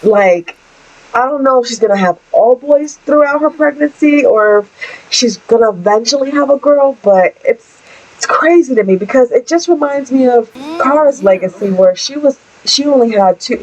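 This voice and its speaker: A woman's voice: a little high, a little mellow, highs cut off. A young woman hosting a let's play, giving chatty, giggly commentary on her game. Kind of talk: casual gameplay commentary.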